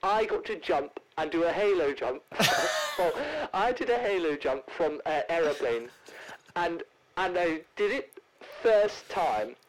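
A man's voice: fairly high pitch, expressive, a little slow, a little hiss or hum, voice pushed up, poor audio. A man doing a comic impression of a posh, theatrical older English actress who keeps calling people darling. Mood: grandly plummy. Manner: plummy, affected, calls people darling. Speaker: celebrity caller in a comedy bit.

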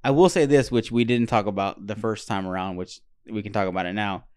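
A man's voice: lowish voice, fairly quick, a little mellow, clear, resonant tone. Laid-back man, casual podcast chat. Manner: laid-back, swearing, laughs a lot. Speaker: podcast co-host.

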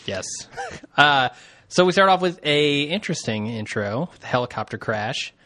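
A man's voice: medium pitch, animated, moderate pace, sharp tone, dry recording. A man co-hosting a podcast in a casual chat, easygoing and laughing often. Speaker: podcast co-host.

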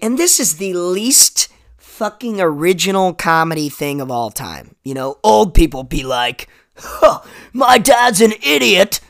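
A young man hosting a podcast, ranting sarcastically with lots of swearing, "like" and "dude". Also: a little high. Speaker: podcast host. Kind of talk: comedic rant monologue.

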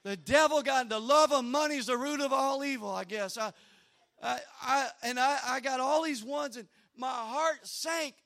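With a very high voice touched by vocal fry, a middle-aged preacher shares a personal story during his sermon at a moderate pace. He's animated and frequently repeats himself.

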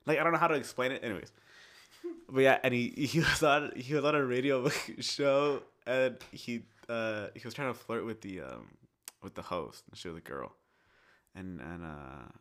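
A man's voice: mid-range voice, normal speed, a bit bright. A young man in casual podcast chat, rambling through stories with lots of 'like' and laughter.

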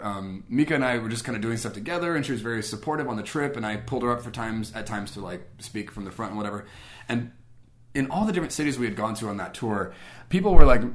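Young guy, low-ish voice, rapid casual storytelling, plays out both sides of old conversations. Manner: animated, quotes himself and others in conversation, many "like" fillers.

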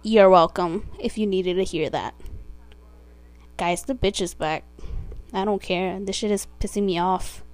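A woman's voice: medium pitch, steady tone, a little slow, long pauses, darkish tone. A teenage girl talking in a brash, profane, indignant rant on her own casual vlog. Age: teens. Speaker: podcast vlogger. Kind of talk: casual ranting monologue.

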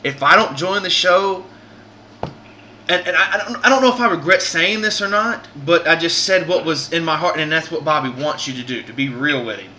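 A man's voice: a little high, moderate pace, noisy background. A man hosts a podcast. He tells a long personal story in a casual, earnest way and often restarts his sentences. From Southern United States. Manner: earnest, rambling, many restarts. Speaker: podcast host.

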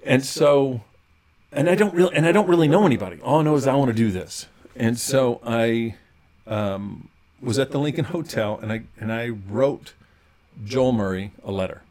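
Male podcast guest, mid-pitched, rambling animated storyteller. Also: normal speed. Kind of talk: casual podcast conversation.

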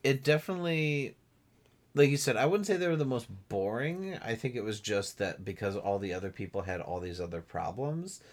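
Animated man in casual chat. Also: brisk. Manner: animated, mimics people in lowered voices, laughs often. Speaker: podcast co-host. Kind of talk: casual chat recapping a reality show.

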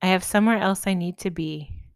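A woman voicing a gentle, loving male God who speaks softly and tenderly in a spiritual story. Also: on the low side, brisk, creaky, clear, resonant tone, no room sound, clean studio sound. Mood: calm. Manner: soft, hushed, affectionate.

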